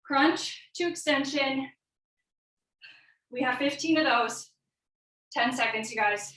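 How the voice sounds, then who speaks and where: A woman's voice: high voice, slow, fairly bright tone. A young woman fitness coach leading a live workout class, calling out encouraging cues and countdowns while a little out of breath. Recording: echoey room, from far off.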